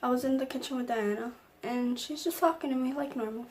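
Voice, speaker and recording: Young woman vlogging a storytime, kinda high voice, faint hum behind her. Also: a little fast, hardly any pauses, darkish tone. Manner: emotional personal storytelling, acting out quotes. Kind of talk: storytime vlog.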